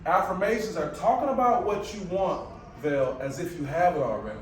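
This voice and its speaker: Michigan guy giving a motivational talk, kinda high voice, far from the mic in a real echoey room. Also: a little fast, slight background noise. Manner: conversational, animated storytelling with asides to the audience. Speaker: speaker presenting to a live audience. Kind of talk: motivational presentation. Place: room with a live audience.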